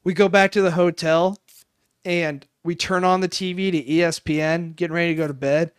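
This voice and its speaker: A young man who grew up near Chicago, co-hosting a podcast and telling an animated, profanity-heavy story, acting out the other people in it. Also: fairly high pitch, a little fast, smooth, no room sound, studio quality. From Chicago area, United States. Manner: animated, swears a lot, acts out quoted voices. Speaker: podcast co-host. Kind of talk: casual storytelling chat.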